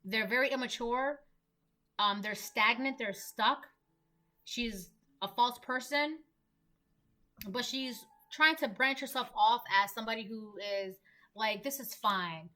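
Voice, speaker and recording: A woman's voice: fairly high pitch, a little slow, sharp tone. A young woman giving a casual collective tarot reading, emphatic and repetitive, full of "like". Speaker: tarot reader.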